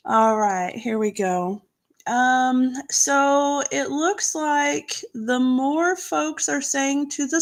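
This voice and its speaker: A woman hosting a crafting live stream, chatting casually, reading viewer comments aloud and laughing easily as she works. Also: on the high side.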